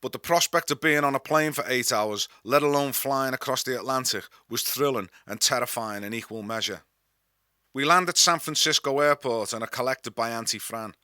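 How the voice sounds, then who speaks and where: A man with a Scouse accent reads aloud from his own memoir. His voice is bright and forward, and his delivery is wry and dry-humoured. The recording is close and dead dry. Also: mid-range voice, moderate pace, no echo. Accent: Liverpool (Scouse). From Liverpool, England. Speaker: author and narrator. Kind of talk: memoir reading.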